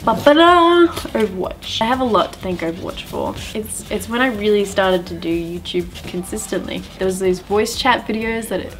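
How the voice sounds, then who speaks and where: A young woman talks through her own story in a casual vlog voice. She is chatty and upbeat and pokes fun at herself, at a middle pitch for a woman. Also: moderate pace, few pauses. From Australia. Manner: chatty, upbeat and self-deprecating. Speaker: streamer and YouTuber.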